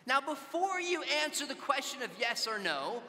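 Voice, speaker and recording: In a large conference hall with slight background noise, a Southern Californian man tells stories to a youth audience at normal speed. His very high voice is very animated, pushed, and bright, and he performs the dialogue in his anecdotes while keeping the talk conversational.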